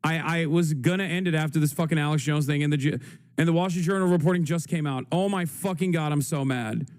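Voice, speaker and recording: A man's voice: a little high, fast, darkish tone. A young man hosting a livestream, reacting frantically and swearing as he thinks aloud. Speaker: livestream host. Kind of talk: casual livestream commentary.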